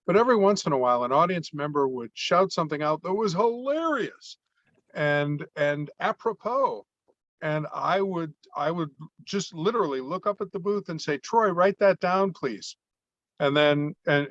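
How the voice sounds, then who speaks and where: A man who performs on stage, chatting thoughtfully and in a measured way on a group call with some fillers. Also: a little high, animated, a bit bright, no echo, highs cut off. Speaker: comedy performer and speaker. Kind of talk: casual group call chat.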